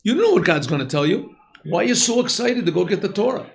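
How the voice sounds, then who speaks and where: A scornful Amalek sneers and coaxes, as a teaching rabbi puts him on in his own high voice. The tone is mocking and persuasive, with a rough, gravelly grain underneath. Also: lively intonation, fast. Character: scornful male Amalek mocking eager Jews.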